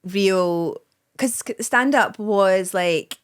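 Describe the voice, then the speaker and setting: A woman's voice: mid-range voice, extremely slow, clean tone. A Scottish woman in her forties, a comedian guest, telling rambling anecdotes in casual podcast chat with many restarts.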